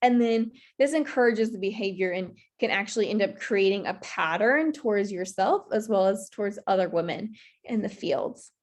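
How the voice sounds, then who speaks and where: A woman's voice: medium pitch, lively intonation, normal speed, a little mellow. A woman presenting a virtual workshop, giving earnest advice with many "you know" fillers over a video call mic.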